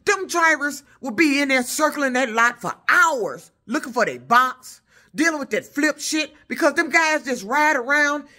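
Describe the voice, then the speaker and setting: Loud, high, bright-voiced truck driver woman ranting. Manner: loud, heated, profane storytelling. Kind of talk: casual vlog rant.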